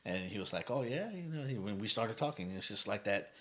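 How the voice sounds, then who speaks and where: A man's voice: fairly low pitch, a little fast. Swearing, storytelling man on a podcast. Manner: energetic storytelling, heavy cursing, acts out quotes. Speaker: guest, motivational speaker. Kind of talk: casual podcast chat.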